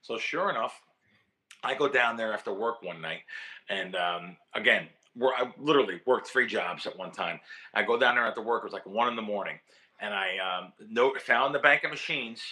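A man with a very bright, forceful voice tells a long story in an interview. He is animated and emotional, stumbling over himself and repeating words as he goes. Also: on the low side, normal speed. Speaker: guest, professional sports bettor.

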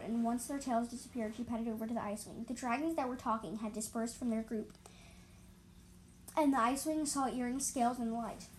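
Woman reading her dragon story out loud, higher voice, trips on words and fixes them, faint noise behind. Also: low-quality recording. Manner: stumbles and restarts, corrects herself aloud. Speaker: story reader. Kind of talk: reading her own fan story aloud.

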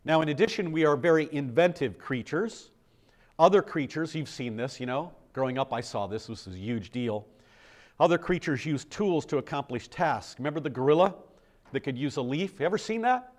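Older man, American accent, sermon, conversational, rhetorical questions, raised pitch. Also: expressive, a little fast. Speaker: pastor.

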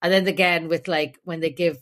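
A woman's voice: lowish voice, fairly even intonation, a little fast, fairly bright tone. A young woman co-hosting a podcast, chatting casually and rambling with many fillers and restarts. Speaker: podcast co-host. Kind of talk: casual chat.

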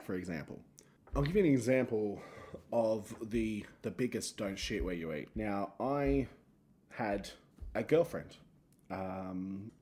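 A man's voice: on the low side, a little mellow. An Australian man hosting a solo comedy podcast, talking in a rambling, self-mocking way with jokey asides.

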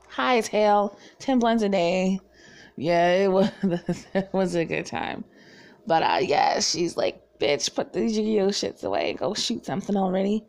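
A woman from the Southern US with no regional accent, casually telling stories in a chatty, profane way and laughing often. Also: mid-range voice. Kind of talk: casual storytelling chat.

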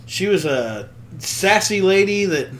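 A woman's voice: medium pitch, lively intonation, a little slow, slight background noise. A woman co-hosting a podcast in casual chat, joking and breaking into whoops and laughter. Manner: jokey, bursts into loud whoops and laughter. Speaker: podcast co-host.

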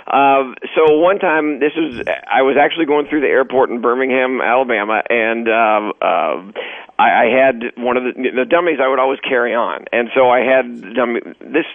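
A man's voice: medium pitch, normal speed, gravelly, dry recording. A man from Texas, a comedian guest on a radio show, telling stories animatedly and acting out quotes. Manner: animated storyteller, acts out quotes. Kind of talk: radio interview storytelling. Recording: dry phone-like radio line.

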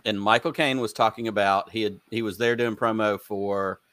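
A man's voice: lowish voice, fairly even intonation, normal speed, a bit bright, no echo. A man hosting a podcast, chatting enthusiastically with a guest and telling rambling stories. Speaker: podcast host. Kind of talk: casual interview chat.

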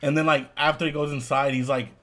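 A male co-host in relaxed conversation, with a mid-range voice. He drops dry jokes and fills in details of the scenes as his partner talks. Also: mid-range voice, fast. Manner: relaxed, joking, chimes in with quips. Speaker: podcast co-host. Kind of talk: casual chat recapping a film.

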